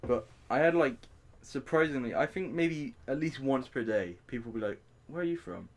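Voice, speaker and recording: A young man from England with a Bristol accent, chatting casually as a co-host and telling animated anecdotes with acted-out voices. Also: mid-range voice, normal speed. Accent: Bristol English. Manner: animated anecdotes, acting out others' lines. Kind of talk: casual chat.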